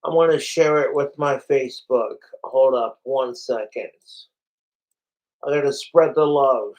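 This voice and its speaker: A man chatting through a late livestream, tipsy and slurring a little from alcohol. He talks slowly in a rambling, excitable way and swears often. His voice sits at an ordinary middle pitch. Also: low-quality recording. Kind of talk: casual livestream commentary.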